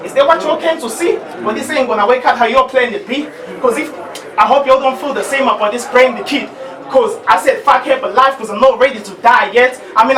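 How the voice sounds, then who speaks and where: A man spits battle-rap bars in a very high voice, boasting and repeating lines for effect. He stands well away from the mic in a roomy space. A loud crowd fills the background. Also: far from the mic. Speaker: battle rapper. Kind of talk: live battle rap verses. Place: live event venue.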